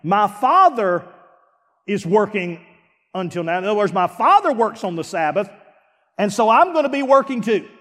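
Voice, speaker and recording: High-voiced man preaching in a reverberant hall. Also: normal speed. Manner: animated preaching, swinging from hushed to shouting. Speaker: pastor. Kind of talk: sermon. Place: church sanctuary. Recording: long reverb of a large hall.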